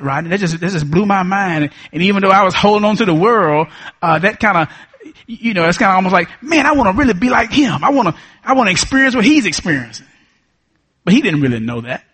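A pastor in his fifties preaches with a husky, slightly high voice. He hammers his points with repetition and asks for responses from the congregation. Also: a bit bright. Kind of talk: sermon.

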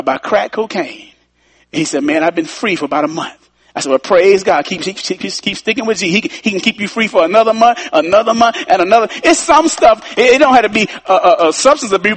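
A man preaching a sermon, repeating key lines, tossing in folksy asides and building up to shouts. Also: sits high, husky.

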